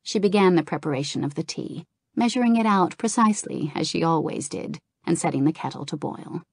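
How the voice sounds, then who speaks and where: A woman narrating a fantasy novel in a calm, even storytelling manner. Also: sits low, a little fast, husky, no echo, studio quality. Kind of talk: audiobook narration.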